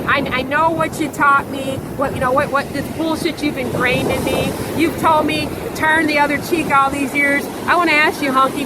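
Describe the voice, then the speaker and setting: A woman with a high voice delivers a fiery, preachy monologue outdoors on a beach. She talks bluntly, swears freely and hammers her points home through repetition. Loud crashing surf and wind roar behind her voice. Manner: fiery, preachy, profane, repeats phrases. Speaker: vlogger. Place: outdoors on a beach by a rough ocean.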